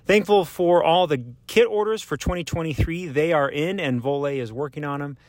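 A man's voice: a little high, moderate pace, darkish tone, no echo, clean studio sound. A man hosting a casual podcast, upbeat and rambling with fillers. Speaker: podcast host.

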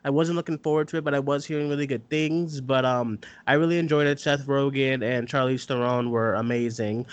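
A man's voice: mid-range voice, fairly quick, few pauses. A man co-hosting a movie podcast over a remote call, talking loosely and casually with many fillers. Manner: relaxed, loose, with frequent fillers. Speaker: podcast co-host, film editor. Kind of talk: casual chat.

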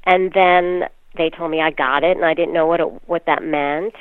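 A woman's voice: low-pitched, fairly even intonation, moderate pace, smooth, no room sound. A woman in her sixties from New York, a voice actress guest chatting casually about her career, laughing often and trailing off into fillers. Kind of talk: casual interview chat. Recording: tinny phone-like line, dry.

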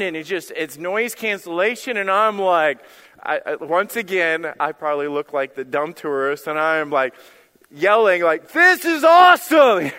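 Male pastor, lively sermon storyteller, voice on the high side, long hall echo. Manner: animated storytelling with quoted dialogue.

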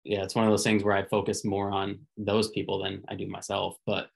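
A man hosting a podcast, responding in an easygoing, halting way. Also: low-pitched, monotone, creaky, breathy edge. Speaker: podcast host. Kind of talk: casual interview chat.

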